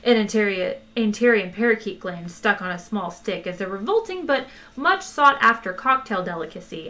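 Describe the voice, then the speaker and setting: A woman reading a comic science-fiction novel aloud in a lively, wry way. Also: mid-range voice. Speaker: audiobook reader. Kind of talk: expressive audiobook narration.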